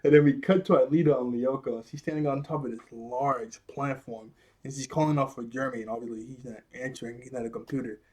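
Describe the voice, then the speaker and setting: A young man casually recapping a cartoon episode, rambling and laughing often as he acts out the characters' lines in quick voices. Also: mid-range voice, fairly even intonation, a little mellow. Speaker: video reviewer.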